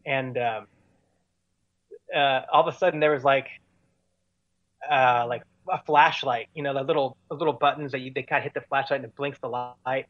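A man's voice: mid-range voice, steady tone, moderate pace, pauses often, no room sound, dull audio. A man telling stories as a guest in an interview, rambling with many fillers and restarts. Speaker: touring musician guest. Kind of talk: casual storytelling in an interview.

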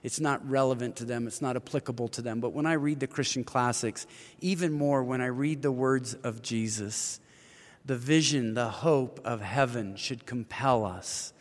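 In an interview conversation, a man in his fifties who is an author and ministry leader speaks earnestly and tells stories, acting out the voices he quotes. His mid-range voice moves at normal speed with a long reverb tail.

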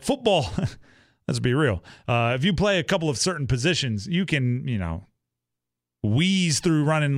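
A man's voice: medium pitch, a bit bright, no echo, clean studio sound. A young man co-hosting a sports talk show in a casual, rambling way, acting out the teammates he quotes. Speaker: sports podcast co-host.

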